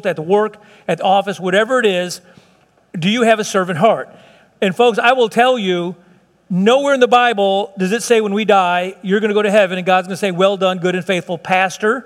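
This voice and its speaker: Man preaching a sermon, high voice, fervent and conversational, repeats himself, long echoing hall. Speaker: pastor. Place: church sanctuary.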